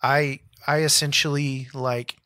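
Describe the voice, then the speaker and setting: A man's voice: mid-range voice, a little slow, no room sound. A man in his thirties, a pastor co-hosting a podcast, telling a personal story in casual chat and acting out what people said. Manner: animated storyteller acting out quotes.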